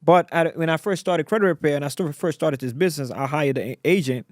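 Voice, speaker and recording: A man from Africa, a guest entrepreneur in a casual podcast interview, telling stories in a slangy, animated way with lots of repetition. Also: fairly high pitch, quick pace, no room sound, studio quality.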